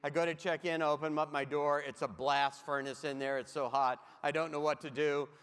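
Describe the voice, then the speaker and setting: High-voiced man telling comic stories in a reverberant hall. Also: little pitch movement, fairly quick, a bit bright, clear, resonant tone. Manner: comic, anecdotal, addresses the audience directly. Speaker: keynote speaker. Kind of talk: humorous keynote storytelling.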